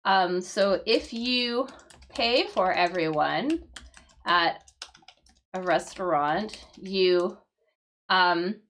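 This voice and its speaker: Slow-talking woman teaching English vocabulary. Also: lowish voice, a bit bright. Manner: explains slowly with frequent "right?" checks and fillers. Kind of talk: live-stream crossword vocabulary lesson.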